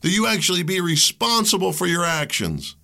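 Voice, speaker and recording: A man's voice: high voice, sing-song, brisk, gravelly, pushed and bright. A man from the United States hosting a podcast of impassioned political commentary, fervent and preachy, firing rhetorical questions and repeating words when heated. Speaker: podcast host.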